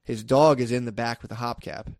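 A young man chats casually, animatedly telling a story and acting out the people in it. His voice sits mid-pitched, recorded close and dry with no room sound. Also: brisk, creaky, no echo. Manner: animated storytelling, acts out quotes, laughs often. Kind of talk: casual chat.

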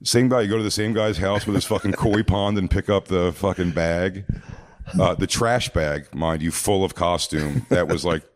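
A man's voice: deep voice, fairly even intonation, moderate pace, no room sound, clean studio sound. A man telling a long, rambling, profane story in a casual chat, full of fillers and restarts.

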